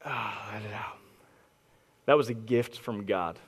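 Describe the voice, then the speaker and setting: This young adult man's sermon comes in a low, unhurried voice with a breathy edge. As a pastor addressing his congregation, he speaks emphatically, frequently repeating words while moving between quiet, intimate moments and loud, forceful ones.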